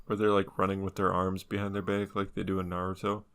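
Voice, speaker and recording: A man's voice: low-pitched, completely flat delivery, fast, fairly bright tone, clean tone. A man co-hosting a comedy podcast, brash and profane as he plays a brawling fighter in an improvised scene. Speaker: podcast co-host. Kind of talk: comic improvised role-play.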